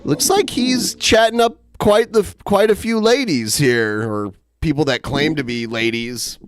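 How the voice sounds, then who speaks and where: A man's voice: on the high side, measured pace, slight background noise. A man hosting a comedy podcast, mockingly reading out and reacting to chat messages with frequent laughs. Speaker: podcast host. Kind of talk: casual comedic commentary.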